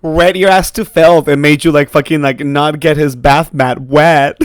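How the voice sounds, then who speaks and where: A man co-hosting a podcast in casual chat, with a raspy, tired-sounding voice and an animated, profane way of talking. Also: on the high side, no room sound. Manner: animated and profane, rushing through asides. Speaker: podcast co-host.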